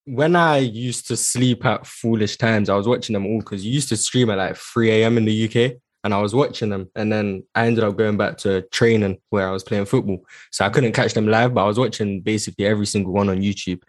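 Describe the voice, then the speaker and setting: A man's voice: lowish voice, fairly even intonation, brisk, hardly any pauses, dry recording. A young British man from the UK, a guest chatting in a laid-back, self-deprecating way over a video call. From United Kingdom. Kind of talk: casual chat.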